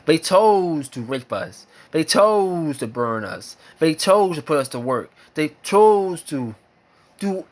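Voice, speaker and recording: A man's voice: high voice, fairly bright tone. An American man delivering an impassioned opinion monologue, emphatic and repetitive, hammering his points with repeated phrases and swearing. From United States. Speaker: vlogger sharing opinions.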